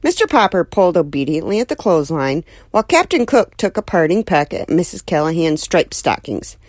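Animated woman reading a storybook. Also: lowish voice, brisk, no echo. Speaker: narrator. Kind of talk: audiobook reading of a children's novel.

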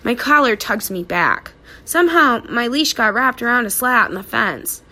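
A woman narrating a children's storybook aloud in an expressive, animated way. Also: fairly high pitch, moderate pace.

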